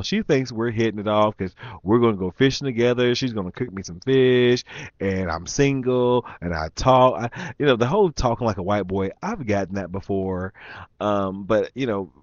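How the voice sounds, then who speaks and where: A man hosting his own show tells a rambling party story, chatty and laughing, and throws asides to his listeners. His voice sits on the low side. The recording is dry and slightly dull, with a lo-fi edge. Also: animated, normal speed, no echo. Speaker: show host. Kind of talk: casual storytelling monologue.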